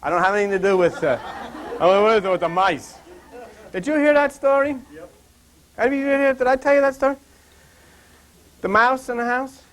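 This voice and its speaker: Older man teaching, high and animated. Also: fairly quick, long pauses. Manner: animated, digressive storyteller. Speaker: Bible teacher. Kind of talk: rambling anecdotal Bible talk.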